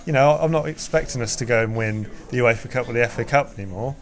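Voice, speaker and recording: A man's voice: mid-range voice, fast. English fan guy going off, swears a lot, passionate. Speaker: fan guest, protest organiser.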